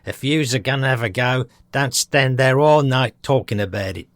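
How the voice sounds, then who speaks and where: A man doing a mock Australian accent as a blunt, impatient male soldier shouting across a battlefield. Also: mid-range voice, moderate pace, no echo, lightly acted.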